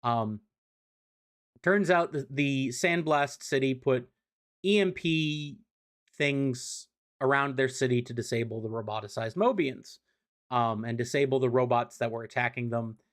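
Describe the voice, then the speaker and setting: A male streamer talks through a comic storyline in a loose, rambling way, with plenty of swearing and filler words. He sits at a mid pitch and gushes with fan enthusiasm over the writing he likes. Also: a little slow. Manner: loose and profane, lots of "um" and "like". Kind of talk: casual recap commentary.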